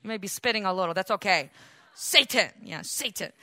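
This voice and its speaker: A woman preacher teaches scripture with animated energy, often turning questions on her listeners. Her voice is bright and forceful, and the recording is dry and close, with no room echo. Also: mid-range voice, quick pace. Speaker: Bible teacher. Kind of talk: sermon-style Bible teaching.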